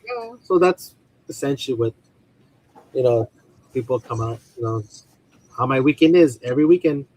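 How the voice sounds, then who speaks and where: A man's voice: medium pitch, normal speed, pauses often, darkish tone, low-quality recording. A man guest on a casual video call chat, rambling and repeating himself as he talks. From Filipino community. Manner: rambling, repeats "at the end of the day". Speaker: guest, toy seller.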